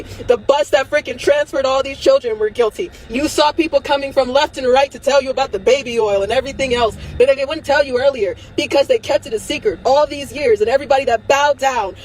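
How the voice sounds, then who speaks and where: A woman delivering an impassioned, angry rant to her viewers, blunt and swearing, hammering her points with repetition. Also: high voice. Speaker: online commentator.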